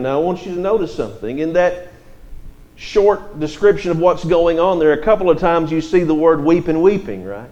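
A man's voice: on the high side, lively intonation, normal speed, warm tone, highs cut off. A man preaching an expository sermon, reading scripture verses aloud and explaining them.

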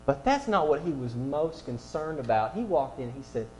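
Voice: medium pitch, very animated, moderate pace, a little hiss or hum, poor audio. A preacher delivering a sermon to a room, asking the audience many rhetorical questions.

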